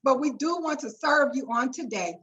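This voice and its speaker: A woman who is an attorney hosts a webinar, giving a lively introduction in a chatty, colloquial way with warm asides and "y'all." Her voice is high with lively intonation at a moderate pace, though the recording is muffled.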